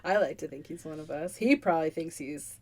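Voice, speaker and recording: A woman co-hosting a podcast, chatting casually and telling animated stories with lots of giggling. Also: low voice, a little fast. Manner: giggly, animated storytelling with acted-out quotes. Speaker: podcast co-host. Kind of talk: casual chat. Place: podcast recording space.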